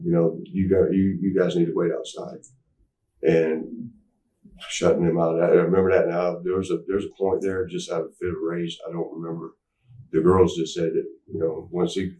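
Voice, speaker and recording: A man in his forties, a guest in an interview, tells a candid story in a rambling, halting way full of restarts and fillers. His voice sits low and sounds mellow, and the recording has a roomy echo with the mic at a distance.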